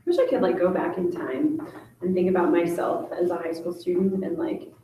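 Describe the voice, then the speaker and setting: A woman's voice: on the low side, fairly even intonation, normal speed, mellow, heavy reverb, recorded from a distance, slight background noise, low-quality recording. A woman teacher talking animatedly in a casual class discussion, full of "like".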